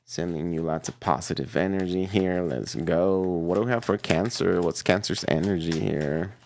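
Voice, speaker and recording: A man giving a casual, playful tarot reading to his viewers, chatty and quick to laugh. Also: sits low, creaky, a little mellow, a little hiss or hum. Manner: chatty and playful, laughs often, repeats himself. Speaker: tarot reader.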